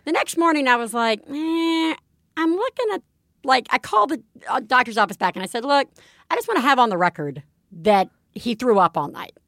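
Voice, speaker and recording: A woman co-hosting a podcast in casual chat, telling a story with lively acted-out quotes. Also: fairly high pitch, a little fast, dry recording, clean studio sound. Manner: animated storytelling, acts out quotes. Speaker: podcast co-host.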